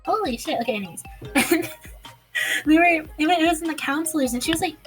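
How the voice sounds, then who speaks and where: Young woman with a pretty high voice, rambly storytime, laughs a lot, faint music underneath. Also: fast talker, rough recording. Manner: rambling, swears and laughs often. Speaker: podcast co-host. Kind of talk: casual chat, storytelling.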